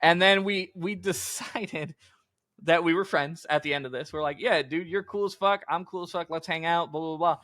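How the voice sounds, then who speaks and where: A young man tells stories casually on a podcast, with a fairly high, bright voice. His sound is close and dry, and he keeps quoting himself with a relaxed, rambling flow. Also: moderate pace, no room sound. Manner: laid-back, quotes himself often with "like". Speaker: podcast co-host. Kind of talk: casual storytelling chat.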